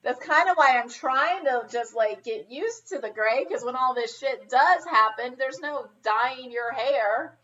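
A woman's voice: high voice, measured pace, hardly any pauses, dull audio. A woman in her thirties, a podcast co-host, chatting casually and telling stories with lots of swearing. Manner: profane, animated storyteller. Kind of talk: casual chat.

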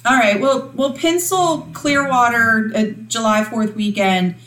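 A woman in her forties chatting casually, telling stories with lively energy and freely swearing. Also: on the high side, measured pace, a little hiss or hum. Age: 40s. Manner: animated storyteller, swears freely. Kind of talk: casual chat. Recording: echoey room, distant from the mic.

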